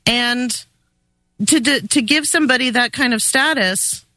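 A woman's voice: on the high side, measured pace, sharp tone, dry recording. A woman discussing politics on a talk radio show, earnest and explanatory, with some fillers.

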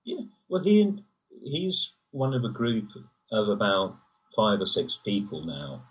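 A man being interviewed, talking in long rambling runs and jumping up in pitch when he stresses a point. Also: takes it slowly, slightly rough. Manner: rambling, animated, pitch jumps when emphatic. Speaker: guest. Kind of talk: conversational interview. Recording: distant, dull lo-fi audio.

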